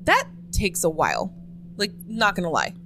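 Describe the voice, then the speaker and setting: A woman co-hosting a podcast in a teasing, sarcastic banter. Her voice is bright and sharp, and her pitch swings widely as she jokes. She keeps the talk casual and playful. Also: huge pitch swings, normal speed, slight background noise. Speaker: podcast co-host. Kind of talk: casual chat.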